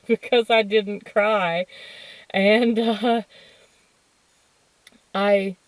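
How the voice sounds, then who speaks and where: A woman's voice: medium pitch, steady tone, drawn-out words, dry recording, low-quality recording. A woman in her thirties hosting a podcast, telling personal stories in a candid, emotional way, laughing and swearing freely. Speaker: podcast host. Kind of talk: personal storytelling monologue.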